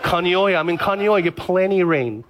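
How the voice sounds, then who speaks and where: Pastor guy, kinda high voice, preaching and telling stories, repeats himself a lot. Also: normal speed, a faint crowd. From Hawaii. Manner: storytelling, animated, repeats phrases. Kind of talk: sermon.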